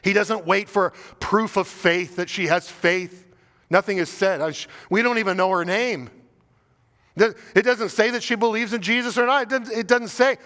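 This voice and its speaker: An American man delivers a sermon in a fairly high voice, earnest and pleading. He stacks rhetorical questions and doubles back on his words. The sound rings with the long reverb of a church hall. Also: moderate pace, fairly bright tone. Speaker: pastor. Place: church sanctuary.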